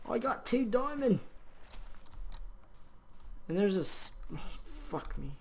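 A man giving casual let's-play commentary while gaming, excitable, often exclaiming and swearing, with frequent laughter. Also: very high-pitched, takes it slowly. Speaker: gaming video host. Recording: clear background noise.

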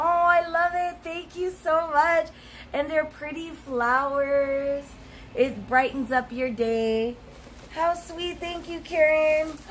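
Woman, high-pitched, excited gasps and squeals, casual unboxing chat, slow delivery, faint background noise. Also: low-quality recording. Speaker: vlogger opening mail.

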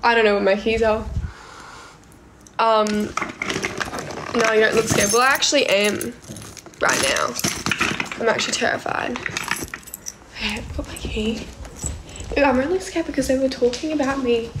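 A woman's voice: fairly high pitch, normal speed, pauses often. A frightened young woman streaming live from her home at night, talking in a breathless, jittery way that drops to whispers, swearing often, close to tears. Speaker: livestreamer. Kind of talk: casual livestream chat. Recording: echoey room with noticeable background noise.

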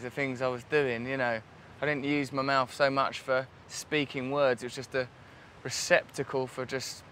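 An actor playing an ex-addict flatly confessing his dark past in a deadpan way. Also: mid-range voice, slight background noise, natural voice. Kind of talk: film outtake.

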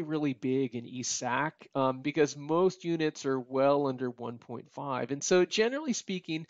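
Weary male instructor, chatty screen-share walkthrough, slightly high voice, dull close sound. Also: no room sound. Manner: conversational, frequent "okay?" and "you know" asides. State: tired, yawning. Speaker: real estate appraiser teaching a data tutorial.

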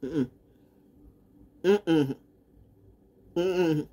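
A woman in her sixties giving a defiant, rambling monologue, swinging from loud outbursts to low mutters. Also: extremely slow. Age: 60s. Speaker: vlogger. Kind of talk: unscripted monologue.

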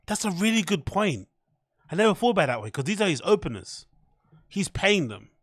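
A man's voice: high voice, big pitch swings, brisk, no echo, clean studio sound. A man giving casual, slangy reaction commentary, laughing and sounding incredulous at what he watches. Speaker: streamer reacting to clips.

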